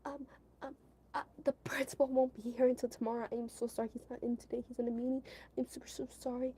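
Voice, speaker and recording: Brief: woman doing a flustered school receptionist, pitched up, stammering apologies. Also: level tone, fast talker, mellow, slight background noise, lightly acted. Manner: nervous, over-apologizing, stammering.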